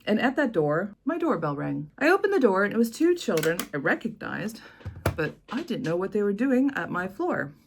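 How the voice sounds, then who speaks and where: A woman's voice: medium pitch, big pitch swings, moderate pace, background noise. American woman telling a personal story. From United States. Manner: earnest, conversational, with emphatic rises. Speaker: vlogger.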